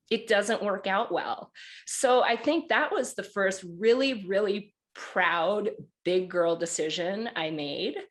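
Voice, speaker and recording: Candid Midwestern woman in her forties. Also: medium pitch. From Wisconsin, USA. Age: 40s. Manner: candid, laughs often, gets teary. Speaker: podcast co-host, guest here. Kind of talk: emotional personal storytelling.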